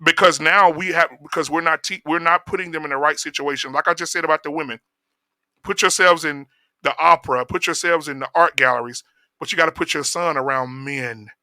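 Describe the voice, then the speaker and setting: A high, very bright man's voice rants and preaches with constant cussing. The sound is close and dry, with no room to it. He talks in a heated podcast style. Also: brisk, no echo. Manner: profane, preachy, mimics voices mid-rant.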